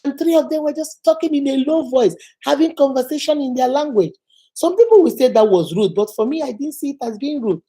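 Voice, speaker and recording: Speaking a little fast in a high-pitched, expressive voice with a dark tone, a Nigerian-accented woman vlogger shares stories and motivation with the camera. She is middle-aged, a native Igbo speaker, and earnestly repeats phrases to stress her points.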